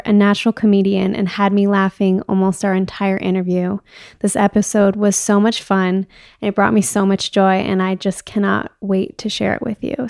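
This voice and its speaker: A woman hosts a podcast with an upbeat, enthusiastic delivery and laughs easily. Her voice sits at a middle pitch. It is recorded close and dry, with no room echo. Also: gravelly, a little mellow. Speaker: podcast host. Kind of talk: scripted intro and casual interview. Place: New York.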